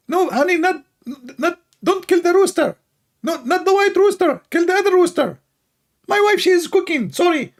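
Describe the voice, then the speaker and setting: A man's voice: extremely high pitch, pitched above the performer's own voice. A man voicing a mocking caricature of a pompous male preacher with a preachy, sing-song, self-important delivery.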